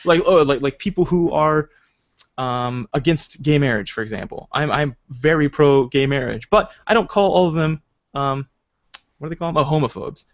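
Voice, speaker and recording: A man hosting a casual podcast chat, rambling and animated, with lots of restarts and "like" fillers. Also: a little high, moderate pace. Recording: slightly dull lo-fi recording.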